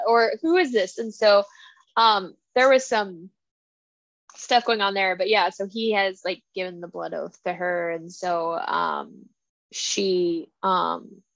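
A young woman co-hosting a book podcast, chatting casually and quoting characters with animated voices. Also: mid-range voice, no echo. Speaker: podcast co-host. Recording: dull, dry, lo-fi sound.

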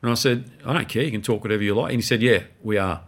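Animated man telling stories. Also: medium pitch, racing, breathy edge. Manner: animated anecdote-telling, mimics voices in quotes. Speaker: podcast guest. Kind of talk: casual storytelling.

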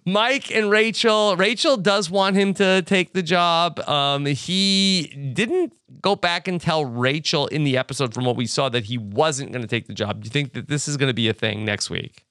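A man's voice: fairly high pitch, moderate pace, no room sound. Male co-host, laid-back chatty delivery, close dry mic. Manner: relaxed, short agreeing replies, jokey asides. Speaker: podcast co-host. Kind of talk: casual recap chat.

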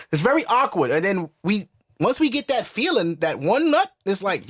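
A man hosting a podcast, ranting in casual comedic style, animated and profane. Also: high voice, normal speed, husky. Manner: animated, profane storytelling with voiced asides. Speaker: podcast host.

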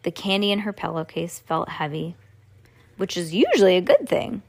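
A woman's voice: lowish voice, very animated, normal speed, gravelly, breathy edge. A woman reading a children's storybook aloud as a podcast host, breaking off for playful, chatty asides to a child listening. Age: adult.

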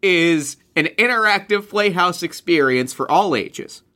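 A podcast co-host eagerly pitching ideas in a casual improvised chat. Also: expressive, unhurried, pushed and bright.

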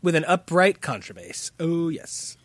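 A man co-hosting a podcast, telling a story in an animated, excitable casual chat. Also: on the high side, a little slow, no room sound. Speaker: podcast co-host.

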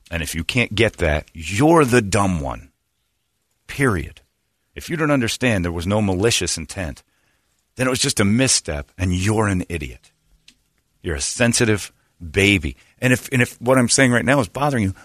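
A man's voice: sits low, fairly bright tone, no echo, studio quality. A man hosting a talk show, talking in a brash, opinionated rant and laughing between points. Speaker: radio show host.

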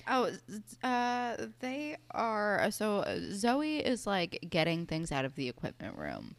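A woman's voice: mid-range voice, very animated, unhurried, no echo. A young woman co-hosting a casual chat, talking loosely with lots of "like" and quoting characters. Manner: chatty, many "like"s and fillers, quotes characters. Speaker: podcast co-host.

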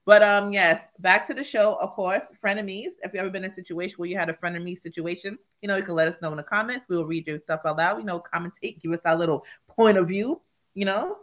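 A woman's voice: mid-range voice, fast talker, fairly bright tone. Rambling, slangy woman co-host. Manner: loose, slangy and rambling, with lots of "you know". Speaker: podcast co-host. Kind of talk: casual chat.

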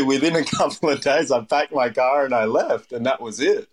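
A man's voice: medium pitch, moderate pace, hardly any pauses, crowd noise. A man in his thirties with an Australian accent, casually telling stories as a chef in an interview, rambling with lots of fillers. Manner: rambling, full of fillers, acts out voices in his anecdotes. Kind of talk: casual storytelling.

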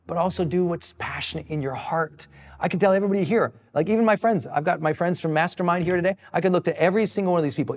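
A man giving a motivational talk and answering audience questions, energetic and emphatic, swinging his pitch wide for emphasis. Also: in a large hall. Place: live session with friends present.

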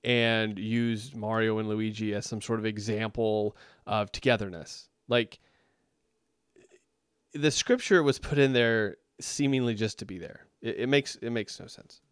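A man's voice: on the low side, fairly even intonation, measured pace, clear, resonant tone, no room sound. Sarcastic man reviewing a sermon, dry. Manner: sarcastic, incredulous, rambling. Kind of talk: critical commentary.

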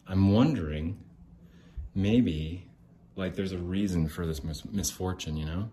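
A man's voice: deep voice, unhurried, dark tone, a little hiss or hum. A man ranting in a casual, rambling monologue, agitated and swearing, with lots of fillers. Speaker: podcaster venting in a voice message.

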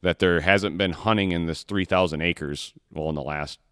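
A man's voice: low-pitched, moderate pace, fairly bright tone, smooth, no echo, clean studio sound. A man from Michigan telling a hunting story in a casual podcast chat, rambling and restarting his sentences often. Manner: rambling, repeats words, many restarts. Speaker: podcast co-host, hunter.

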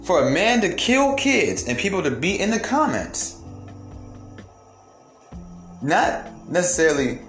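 Firing rhetorical questions at his viewers, a male commentator delivers a heated monologue full of profanity. His voice is fairly bright and on the high side. The room echoes, and faint music plays in the background.

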